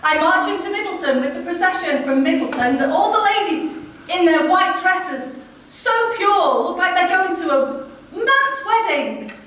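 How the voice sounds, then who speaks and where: Earnest woman marcher narrating, high voice, played by an actress, distant roomy sound. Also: a bit bright. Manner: earnest first-person telling. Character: working woman marcher, proud then wounded. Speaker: narrating character. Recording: very echoey, distant mic.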